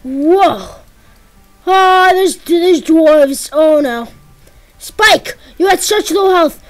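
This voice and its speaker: High, excitable woman playing a game. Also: slow. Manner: excitable, yelps and pleads when in danger. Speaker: gameplay commentator. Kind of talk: casual let's-play commentary.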